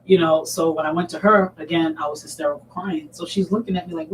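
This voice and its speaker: A woman telling a personal story as a guest, close to tears and halting, with many restarts. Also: on the low side. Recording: distant mic with faint noise.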